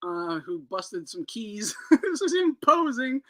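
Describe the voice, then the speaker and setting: A man hosting a boxing talk podcast in a loud, profane, mocking chat. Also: extremely high pitch, sing-song, takes it slowly. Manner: loud, profane, laughing mockery. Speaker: podcast host. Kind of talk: casual chat.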